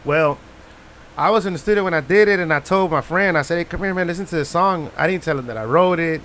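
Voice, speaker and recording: Laughing Tejano singer telling stories. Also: male voice, on the high side, quick pace, a bit bright, a little hiss or hum. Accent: Tejano Spanish-English. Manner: laughing anecdotes, mixes Spanish into English. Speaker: singer-songwriter guest. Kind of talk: casual storytelling.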